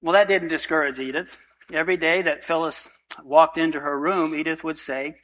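Bright, forceful male pastor. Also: fairly high pitch, fairly even intonation, moderate pace, low-quality recording. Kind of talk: sermon with prayer and storytelling. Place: church.

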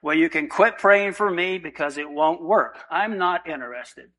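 A man's voice: on the high side, normal speed, sharp tone. A man voicing a hard, cold former army head nurse who speaks in a matter-of-fact way.

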